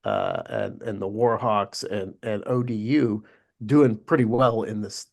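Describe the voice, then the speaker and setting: A man co-hosting a casual sports podcast, chatty and quick to laugh, often restarting his sentences. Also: fairly low pitch, very animated, creaky. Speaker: podcast co-host.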